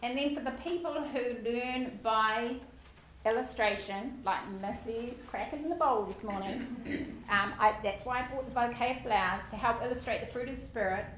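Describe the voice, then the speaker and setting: A woman's voice: fairly high pitch, moderate pace, fairly bright tone. A woman giving a Bible study teaching in a chatty way, with light self-deprecating asides. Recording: echoey room with faint background noise.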